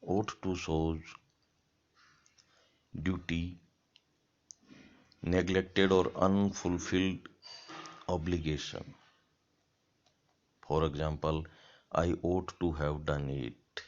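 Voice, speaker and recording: A man giving a grammar lecture, speaking deliberately and repeating each example sentence. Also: deep voice, level tone. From India. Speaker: college lecturer. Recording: dull lo-fi lecture recording.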